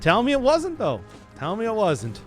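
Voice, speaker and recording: Excitable high-voiced male streamer. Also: normal speed, faint music behind. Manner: rambling, laughs often, swears. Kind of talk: casual live gameplay commentary.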